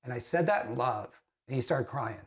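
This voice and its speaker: A man's voice: mid-range voice, lively intonation, moderate pace. A man with a mid-range voice coaches fellow agents in a plain, earnest way. He tells his stories candidly and often restarts his sentences partway through. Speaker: real estate agent coaching other agents. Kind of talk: storytelling in a sales training call.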